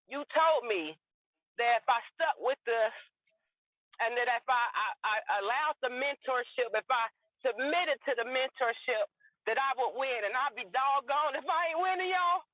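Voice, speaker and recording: A woman's voice: high voice, moderate pace, dry recording. A woman caller giving a tearful, gushing testimonial on a group call. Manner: tearful, gushing, Southern-tinged folksy. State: near tears. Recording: tinny phone line.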